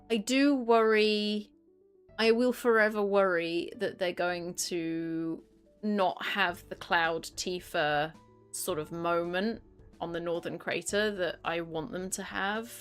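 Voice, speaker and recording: A British woman streaming a game live, chatting casually and rambling with lots of "um"s, getting excitable when she reacts to chat. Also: fairly low pitch.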